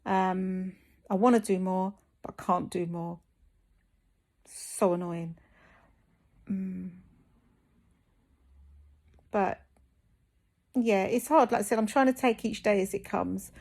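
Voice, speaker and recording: A woman's voice: medium pitch, fairly even intonation, takes it slowly, pauses often, darkish tone. A woman from the UK talking candidly to camera in a vlog, hesitant with many ums and restarts, and tired. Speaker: fitness vlogger recovering from surgery.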